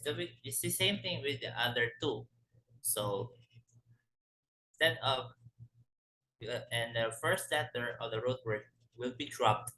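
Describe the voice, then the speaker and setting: A man's voice: medium pitch, sharp tone, roomy sound, poor audio. A man teaching a language lesson, explaining word by word with frequent restarts and self-corrections. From Philippines. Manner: halting, corrects himself often.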